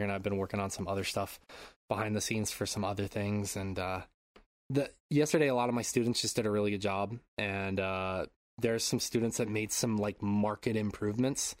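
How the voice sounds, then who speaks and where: A man hosting a podcast, telling a story in casual chat, animated and swearing freely while acting out loud shouts, on a close microphone at home. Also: fairly low pitch, a little fast, dry recording. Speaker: podcast host. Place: home room. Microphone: close podcast mic.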